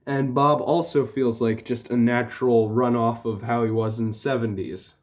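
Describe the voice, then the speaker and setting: A man's voice: mid-range voice, fairly even intonation, moderate pace. A man talking casually as a TV reviewer, rambling with frequent "like" and restarts. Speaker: TV show reviewer.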